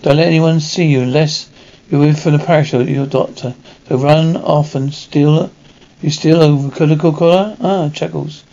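A man reading a television episode script aloud and voicing every part himself in a flat read-through, on a dull, slightly lo-fi recording with faint hiss. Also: on the high side, moderate pace, vocal fry. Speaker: radio reader.

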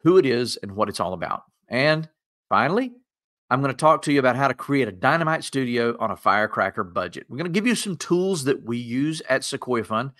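Casting note: man, lower Appalachian accent, middle pitch, folksy webinar presenter. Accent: Southern US, lower Appalachian. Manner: folksy, self-deprecating, energetic. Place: converted home bedroom studio.

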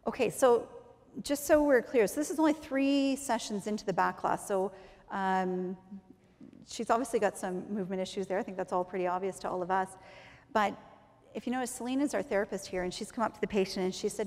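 A woman's voice: mid-range voice, fairly quick. A woman giving a chatty conference talk on physiotherapy, sometimes acting out what patients say. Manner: lively, chatty, acts out patient quotes. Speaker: physiotherapist presenter. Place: large conference hall. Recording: long hall reverb.

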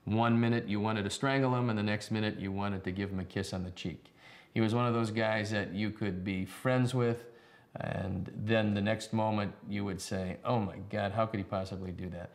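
A man's voice: on the low side, fairly even intonation, moderate pace. A man telling anecdotes in an interview about a former broadcast partner, acting out both sides of the dialogue in a wry way.

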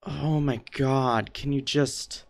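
A man doing let's play commentary on a retro game, cursing constantly and yelling at the game. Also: mid-range voice, fairly even intonation, slow pace, gravelly. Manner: swears constantly, ranting in frustration; yells at the game. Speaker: gaming YouTuber playing a retro game.

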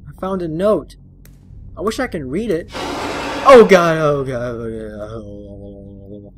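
A man's voice: medium pitch, slow pace, soft background music. A man playing a horror game on his channel, reacting jumpily, swearing, and joking at the screen. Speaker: gaming channel host. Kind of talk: horror game let's play commentary.

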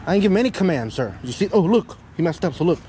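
A man's voice: high voice, very animated, rapid-fire, dark tone, a little hiss or hum, rough recording. A man working as a dog trainer, explaining a session to an owner outdoors near parked cars. He talks a lot, keeps checking in with "yeah?" and "okay?", and swears casually. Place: outdoors by a parking area with cars.

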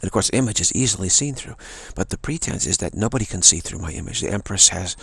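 A man's voice: low voice, animated, quick pace, gravelly, a bit bright, slightly rough, no echo. A man giving an informal spiritual talk, rambling through anecdotes and acting out the voices of people he quotes. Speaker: spiritual teacher.

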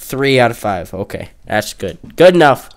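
A man's voice: mid-range voice, sing-song, normal speed. A young man giving casual, goofy gameplay commentary, trash-talking opponents and joking around. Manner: goofy, trash-talking, breaks into off-key singing.

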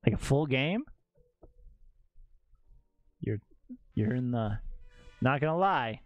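A man's voice: medium pitch, expressive, slow, no echo, lo-fi sound, soft background music. A young man streaming a game, joking crudely and reading chat aloud. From Canada. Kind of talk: casual gaming stream chat.

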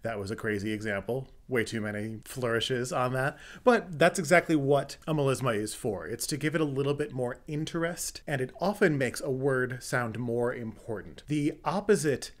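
A man's voice: medium pitch, lively intonation, normal speed, few pauses. A young adult man hosting a music theory lesson, explaining step by step and now and then singing short examples. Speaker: music theory video host.

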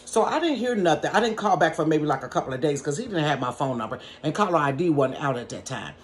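Lively storytime lady in her bedroom, laughs a lot, talks to her viewers, faint hiss in the back. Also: low-pitched, quick pace. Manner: animated, laughing, dramatic asides to viewers. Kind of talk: casual storytime.

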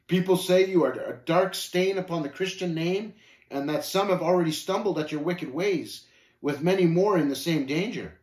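A man's voice: on the high side, moderate pace, echoey room, natural voice. A man reading aloud and voicing a plain-spoken, earnest male pilgrim who speaks matter-of-factly. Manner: steady, matter-of-fact, earnest.

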